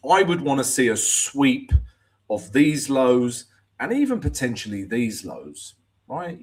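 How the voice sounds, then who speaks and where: A man's voice: medium pitch, husky. Chatty man analyzing live charts. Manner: casual, chatty, addresses viewers as guys. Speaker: trading show host.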